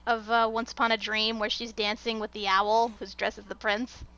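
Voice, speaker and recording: A woman co-hosting a casual film review chat, animated and quick to laugh. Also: fairly high pitch, lo-fi sound. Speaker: podcast co-host.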